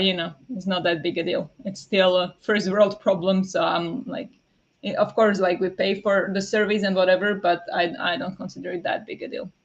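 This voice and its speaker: A woman from Slovakia, chatting casually with live viewers during a reading stream, rambling with lots of fillers. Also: medium pitch. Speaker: streamer hosting reading sprints. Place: home. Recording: dull lo-fi sound.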